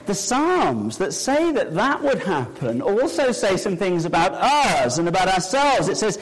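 A man's voice: sits high, very animated, unhurried, hardly any pauses, breathy edge, rough recording. A man preaching in a church, playful and chatty with the children and the congregation. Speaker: pastor. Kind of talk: sermon with a live object lesson. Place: church sanctuary with balcony.

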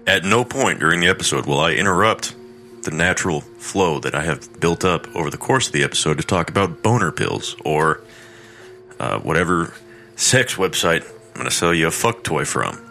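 A man's voice: low-pitched, big pitch swings, moderate pace, creaky, bright, forceful tone, faint music behind. A man hosting a horror story podcast, narrating a folk tale with crude, irreverent joking asides.

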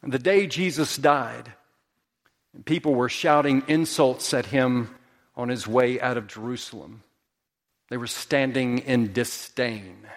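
A male pastor preaching a sermon, rising to high emphatic peaks and then dropping to soft, slow lines. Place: church sanctuary. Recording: long hall reverb.

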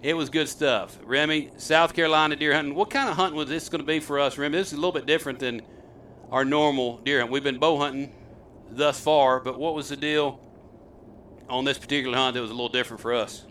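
A man's voice: fairly high pitch, steady tone, fast, a bit bright, slight background noise. A middle-aged man and father hosting a hunting video, telling the story in a chatty, rambling way and quizzing his sons. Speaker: host, hunter and father. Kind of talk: casual storytelling to camera.

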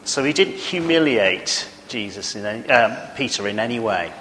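A man's voice: lowish voice, animated, normal speed, fairly bright tone, long reverb tail, a little hiss or hum. A man preaching a sermon in a church, earnest and conversational, often asking the congregation questions.

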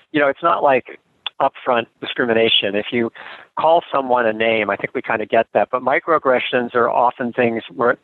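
Middle-aged guy explaining stuff in an interview, earnest, trips over his words a bit, thin phone-line sound, no room echo. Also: medium pitch. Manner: earnest and thoughtful, with frequent restarts. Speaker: guest expert on gender norms. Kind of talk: conversational interview over a remote call.

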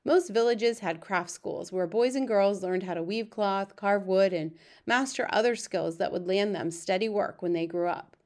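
Woman audiobook narrator, even measured storytelling voice. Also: medium pitch. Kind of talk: scripted narration.

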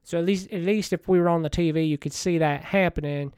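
A man in a rambling comedic monologue as a washed-up TV money-show host, folksy, meandering and deadpan. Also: a little high, fairly quick, clean tone, no echo, clean studio sound.

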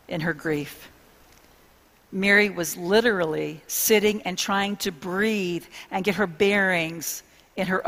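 Woman, sermon, unhurried, earnest, hushed pauses, reverberant hall. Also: fairly low pitch. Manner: slow, earnest, intimate address with hushed dramatic pauses. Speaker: preacher.

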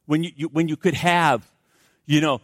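A middle-aged man preaching a sermon as pastor, his voice sitting high. He moves between loud urgent pleading and quiet, low asides, restarting and repeating words to drive points home. The sound is dry and close. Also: steady tone, moderate pace, no echo.

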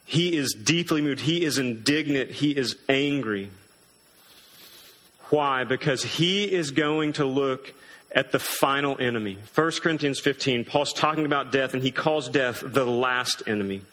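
A man preaching a sermon as pastor, earnest and emphatic, slowing down hard to stress key words. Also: mid-range voice, a bit bright, a little hiss or hum, rough recording.

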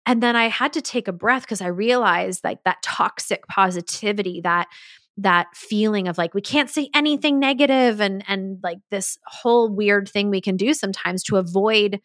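A woman's voice: medium pitch, normal speed, a bit bright, dry recording, clean studio sound. Earnest woman hosting a solo podcast. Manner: earnest, emphatic, acts out quoted dialogue. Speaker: podcast host and business mentor.

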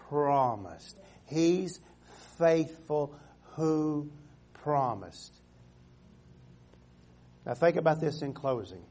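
A male pastor preaching a sermon, calling for amens and drawing scripture out slowly, swinging from loud exhortation to hushed storytelling. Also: mid-range voice. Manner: emphatic, calls for amens, stretches scripture slowly.

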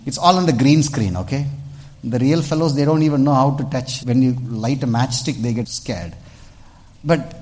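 Male pastor, mid-pitched, lively preaching to a congregation. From India. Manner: animated, calls out "Hello?" to the congregation, dramatic shifts in loudness. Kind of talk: sermon. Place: church.

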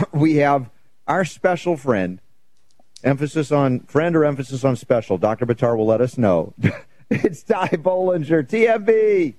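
A man's voice: on the high side, expressive, measured pace, a little mellow, dry recording. A man hosting a radio talk show in casual chat, tired and worn out from travel, talking loosely and laughing often.

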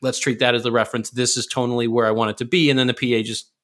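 Fast, bright-voiced man talking shop. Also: medium pitch, level tone. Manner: fast, thoughtful, with frequent restarts. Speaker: audio system engineer. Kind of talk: casual panel discussion.

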